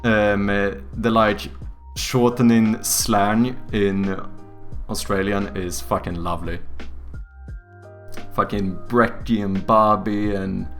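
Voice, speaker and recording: Male streamer, low-ish voice, unhurried, casual and profane, faint music behind. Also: fairly even intonation, a bit bright. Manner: thinks aloud, swears casually. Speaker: streamer and game developer. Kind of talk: casual live-stream talk. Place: home streaming setup.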